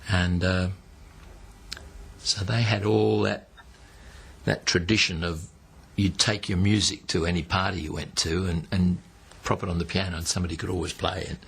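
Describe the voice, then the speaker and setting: A man's voice: low voice, normal speed, creaky, husky. A man from Australia with an Australian accent, telling anecdotes in an interview and acting out the people he quotes. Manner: lively storyteller who acts out the people he quotes. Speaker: entertainer interviewee.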